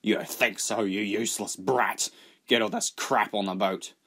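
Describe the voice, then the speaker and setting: A man's voice: on the low side, steady tone, unhurried, a bit bright, slightly rough. A man voicing a cruel, bullying people smuggler in an audiobook, sneering and threatening. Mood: menacing. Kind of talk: audiobook character voice.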